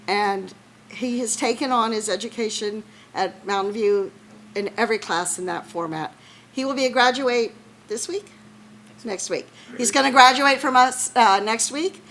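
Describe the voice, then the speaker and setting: Emotional woman teacher, bright voice. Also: medium pitch, vocal fry, slight background noise, low-quality recording. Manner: emotional, laughing, close to tears. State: tearful. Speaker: math teacher. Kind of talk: award ceremony speech.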